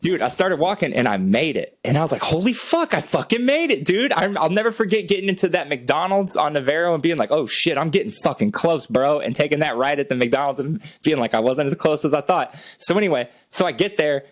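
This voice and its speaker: A man's voice: fairly high pitch, lively intonation, fairly quick, hardly any pauses, no room sound. Laughing, profane storyteller man. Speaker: podcast co-host. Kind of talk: casual storytelling chat.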